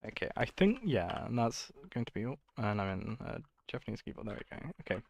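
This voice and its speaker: A man's voice: lowish voice, sing-song, brisk, vocal fry, dry recording. A man streaming himself coding, thinking aloud in a casual, muttering way and correcting himself as he goes.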